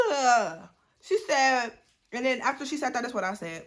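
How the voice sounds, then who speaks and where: A woman's voice: a little high, expressive, moderate pace, a bit bright, reverberant. A woman telling a storytime on her vlog, bluntly and profanely retelling a text-message argument in a heated voice.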